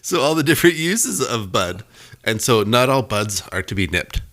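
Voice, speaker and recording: A man's voice: medium pitch, very animated, normal speed, fairly bright tone. A man co-hosting a podcast in casual chat, joking around with playful wordplay. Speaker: podcast co-host.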